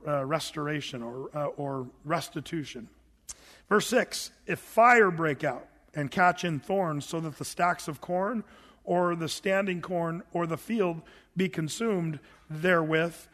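High-pitched male pastor, storytelling sermon, lively asides, long hall reverb. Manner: storytelling, animated, with asides and self-corrections.

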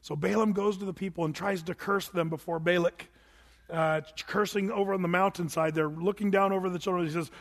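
A man's voice: high voice, fairly even intonation, a little fast, in a large hall. A man preaching a casual sermon, reading scripture and retelling a Bible story in a folksy way with many restarts.

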